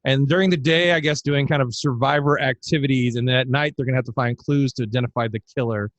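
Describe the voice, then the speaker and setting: A man's voice: medium pitch, steady tone, fast talker, dry recording. A man co-hosting a podcast in casual chat, rambling on in a chatty way. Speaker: podcast co-host.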